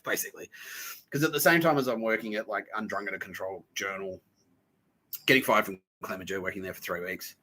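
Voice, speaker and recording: A young man with a bright, edgy voice and a husky grain, talking off the cuff. He swears freely, laughs at his own stories, and tosses in quick mimicked lines. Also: fairly low pitch. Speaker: podcast host. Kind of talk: casual storytelling monologue.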